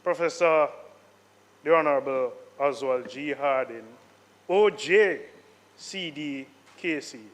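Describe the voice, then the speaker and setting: Jamaican male senator; formal, stately tribute speech, a touch higher pitched. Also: takes it slowly. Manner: solemn, stately listing of honours. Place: senate chamber.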